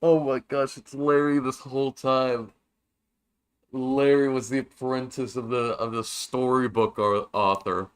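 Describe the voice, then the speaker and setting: A man's voice: mid-range voice, flat delivery, measured pace, smooth. A young man streaming a video game, talking casually and reading dialogue aloud. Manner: casual and offhand. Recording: faint game music behind.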